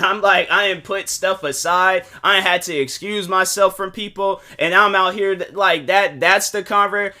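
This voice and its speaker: A man's voice: high-pitched, steady tone, normal speed, few pauses, bright, forceful tone. A young man hosting a solo podcast, rambling casually with slang, lots of fillers and restarts, and acting out both sides of phone calls. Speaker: podcast host.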